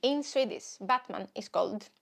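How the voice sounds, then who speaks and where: A young woman from Greece with a Greek accent, hosting a comedy podcast in an animated, rambling way. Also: medium pitch, normal speed, vocal fry. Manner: animated, rambling, stop-start storytelling. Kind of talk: solo comedic podcast monologue.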